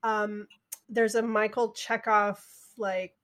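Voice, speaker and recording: A woman's voice: mid-range voice, little pitch movement, slow pace, a bit bright. A woman from Connecticut co-hosting a casual chat, asking questions enthusiastically.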